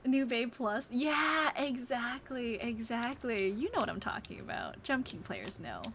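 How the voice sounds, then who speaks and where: A young adult woman streamer chatting casually over a game, soft-spoken and gushing. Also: a little high, big pitch swings, unhurried, background noise.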